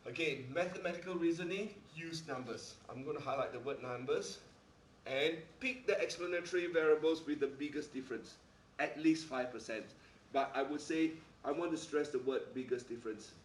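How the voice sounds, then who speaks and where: A man delivers a maths classroom lecture emphatically, checking in with "all right?" again and again. His voice is a little high at a moderate pace, and the recording has a slight hiss or hum, an echoey room and a distant mic.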